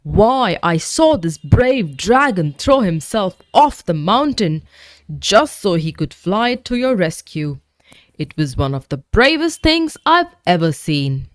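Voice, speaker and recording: A kindly knight, voiced by a woman reading aloud, speaks slowly and evenly. The voice stays close to the reader's own, calm and unhurried. It is a dry, close storybook reading. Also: medium pitch, no echo. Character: kindly grown man, an armored knight. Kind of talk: storybook character voice.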